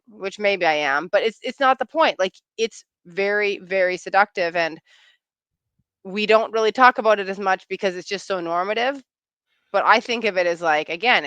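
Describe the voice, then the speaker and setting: A woman in her thirties, a relationship coach, answering interview questions in a chatty, animated way and acting out quoted lines. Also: mid-range voice, clean tone, dry recording.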